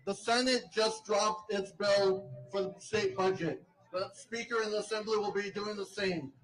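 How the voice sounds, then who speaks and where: A man's voice: high-pitched, fairly even intonation, normal speed, fairly bright tone, rough recording. A man emceeing an outdoor protest rally, giving a rousing speech and introducing speakers. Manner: rousing, chants with the crowd.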